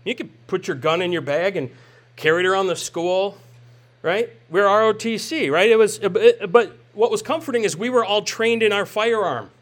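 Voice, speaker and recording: A man in his forties delivers a sermon with a notably high voice. He keeps it conversational, tossing rhetorical questions at the congregation and tagging lines with "right?". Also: moderate pace, fairly bright tone. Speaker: pastor.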